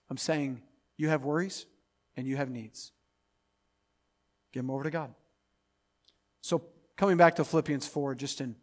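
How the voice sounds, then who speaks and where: A male pastor preaching a sermon, swinging from loud, emphatic build-ups to quiet, intimate asides. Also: on the high side.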